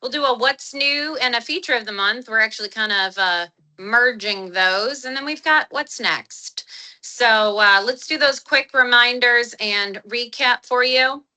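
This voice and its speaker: A woman's voice: on the high side, a little slow, bright, forceful tone, low-quality recording. A woman hosting an online community call in a chatty, enthusiastic way, often restarting her sentences, speaking into a phone. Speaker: webinar host.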